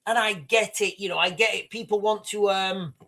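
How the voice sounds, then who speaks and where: He's a British man hosting a casual livestream, talking to viewers directly in an emphatic, repetitive way with a British English accent. His high-pitched voice is gravelly yet bright, delivered with a steady, forceful tone at a moderate pace.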